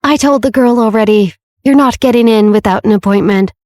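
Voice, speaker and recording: A woman's voice: fairly high pitch, a little fast, darkish tone, dry recording, voice pushed up, close to an everyday voice. A woman voicing a vile, vindictive male manor doorman who sneers at visitors, read in a dry, close audiobook voice. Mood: taunting. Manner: sneering, leering, then cowed.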